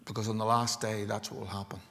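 A man's voice: on the low side, little pitch movement, fast talker, gravelly, a bit bright, big-room sound. A man preaching a sermon with passion, building to emphatic peaks. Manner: impassioned, building to emphatic climaxes.

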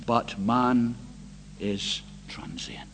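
A man's voice: medium pitch, drawn-out words, creaky, fairly bright tone, a little hiss or hum. A man preaching an evening church sermon, impassioned and emphatic, stretching out key words and putting rhetorical questions to the congregation.

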